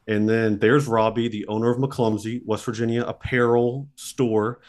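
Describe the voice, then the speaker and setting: A man co-hosting a podcast, telling a story in an animated, rambling way with lots of asides. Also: fairly low pitch, normal speed, hardly any pauses. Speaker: podcast co-host.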